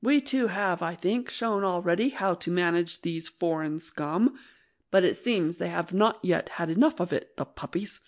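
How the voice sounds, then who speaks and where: A woman reading an audiobook, voicing a blustering old male general who talks in a gruff, boastful, scornful way. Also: fairly low pitch, moderate pace, natural voice. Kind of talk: audiobook narration.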